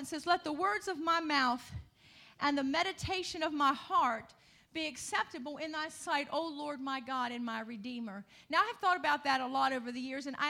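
Woman preacher, high and bright, chatty asides that build to shouted emphasis. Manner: rising to shouted emphasis, calls of hallelujah; conversational asides to the congregation. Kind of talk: sermon.

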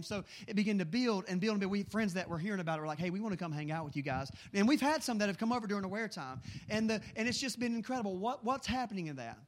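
A man preaching and telling stories in an earnest, animated way, often repeating words as he goes. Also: high voice. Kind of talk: storytelling sermon.

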